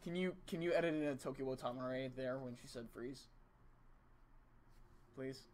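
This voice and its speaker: A young man doing comedic, profane let's play commentary with excitable, silly outbursts. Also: medium pitch, normal speed, background noise. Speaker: game let's play host. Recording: game music under the voice.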